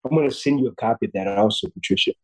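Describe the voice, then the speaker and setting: A man's voice: mid-range voice, expressive, racing, poor audio. A man in his fifties, a podcast guest, telling a personal story in an earnest way, often repeating words as he goes. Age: 50s. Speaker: guest surgeon.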